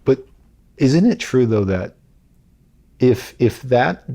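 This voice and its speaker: A man's voice: medium pitch, sing-song, slow pace, warm tone. A male podcast host who asks questions hesitantly, restarts his sentences and chimes in often. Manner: hesitant, backchannels a lot, laughs easily. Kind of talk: casual interview chat.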